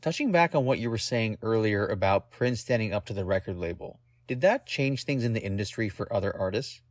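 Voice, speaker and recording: A man's voice: lowish voice, animated, a little fast. A man hosting an interview, asking questions casually and encouragingly.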